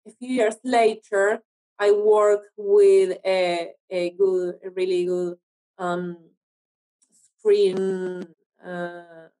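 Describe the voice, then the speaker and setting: An actress from Argentina with an Argentinian Spanish accent, speaking English as a second language in a casual interview, often pausing to search for words. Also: female voice, mid-range voice, level tone, warm tone, rough recording. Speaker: actress guest.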